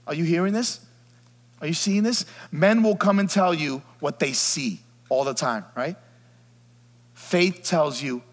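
Pastor guy preaching in a big echoey church, kinda high voice, goes from hushed whispers to full-on shouting. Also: a little slow. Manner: dynamic preaching, drops to near whispers then builds to loud shouts. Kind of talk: Easter sermon. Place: church sanctuary. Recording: long hall reverb.

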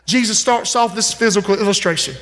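Preacher guy, really high voice, big echoey church hall, fired-up sermon. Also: a little fast, a bit bright. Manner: impassioned preaching, swinging pitch and pace, calls to the congregation. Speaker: pastor. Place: church sanctuary. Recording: long church hall reverb.

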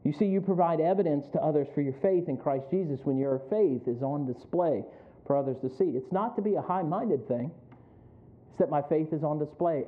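Man, pastor, sermon, high voice, repeats lines for emphasis, narrow phone-like sound. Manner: builds from reflective to fervent, repeats for emphasis.

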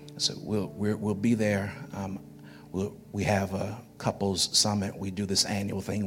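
A pastor gives a folksy, joke-filled sermon to his congregation in the church sanctuary, frequently repeating himself. He speaks in a lowish, somewhat bright male voice.

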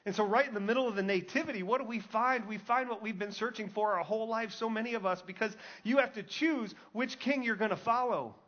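A man's voice: high voice, quick pace, hardly any pauses, muffled recording. A male pastor giving a conversational sermon to a congregation, driving his points home by repeating key lines. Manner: conversational preaching with emphatic repetition.

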